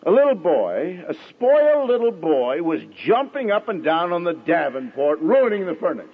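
Husky-voiced preacher in full sermon flow. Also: male voice, sits high, sing-song, long reverb tail, phone-quality sound. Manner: dramatic pauses, acts out quoted voices.

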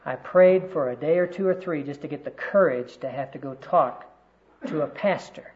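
Guy preaching earnestly, kinda high voice, muffled old tape sound. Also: normal speed. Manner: earnest storytelling, quotes scripture. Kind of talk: sermon. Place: conference room. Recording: dull lo-fi sermon recording.

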